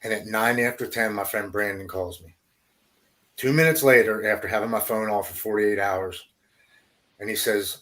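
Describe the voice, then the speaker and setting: A man, a podcast guest, telling his recovery story haltingly, repeating words and going quiet at hard moments. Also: on the low side, steady tone.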